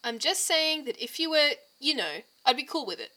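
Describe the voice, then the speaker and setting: A woman voicing an excitable young man who teases and wheedles his friends. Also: high voice, normal speed, voice pushed up, exaggerated voice. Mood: playful. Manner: eager, teasing, wheedling.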